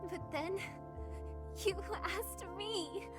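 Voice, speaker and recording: A woman's voice: extremely high pitch, full character voice. Shy young woman in love. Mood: tearful joy. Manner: halting, bashful, stammering. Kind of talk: video game voice acting. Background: loud game music.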